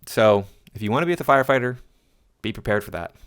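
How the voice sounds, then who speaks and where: A man's voice: on the low side, expressive, fast, fairly bright tone. A man hosting a commentary channel, reading social media posts aloud and answering them in a scornful, lecturing way.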